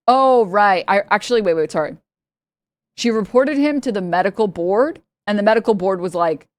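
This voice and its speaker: A woman's voice: mid-range voice, normal speed, no echo. Chatty woman streamer telling a story. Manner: rambling and animated, laughs often and mimics the people in her story. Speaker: livestreamer. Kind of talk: casual storytelling to a live audience.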